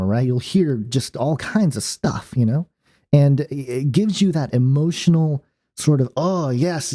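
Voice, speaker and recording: In a dark, mid-range voice, this channel host rambles through a casual monologue, stumbling over fillers and restarting his sentences.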